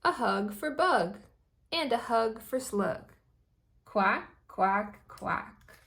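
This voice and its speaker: A woman's voice: fairly high pitch, expressive, drawn-out words, creaky, a bit bright, full character voice. Ducky, a woman reading as a cheerful little duckling. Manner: sing-song storybook reading.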